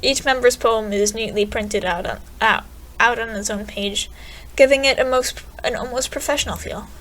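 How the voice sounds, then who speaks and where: A woman's voice: a little high, moderate pace, fairly bright tone. A young woman gaming creator reading a visual novel aloud, trailing off and restarting her sentences. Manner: reads game text aloud, trailing off and restarting.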